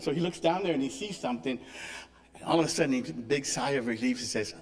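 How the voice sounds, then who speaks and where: A man's voice: mid-range voice, sing-song, a little fast. A man leading a church service, giving chatty announcements and telling a joke with laughter. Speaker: service leader.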